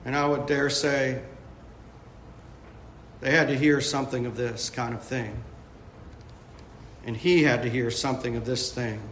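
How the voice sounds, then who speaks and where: Male pastor, slow deliberate sermon delivery, bright high voice, echoey church room. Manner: emphatic preaching, rising and dropping to a hush. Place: church sanctuary.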